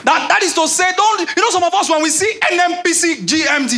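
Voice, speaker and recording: A young Nigerian pastor preaches a little fast, his delivery animated. He repeats key phrases and acts out quotations by dropping into a deep, low voice.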